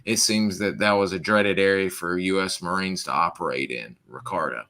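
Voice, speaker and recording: A man's voice: low-pitched, moderate pace, sharp tone. A man with a Southern American accent hosting a casual interview, rambling with many fillers and reading out listener questions. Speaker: podcast host.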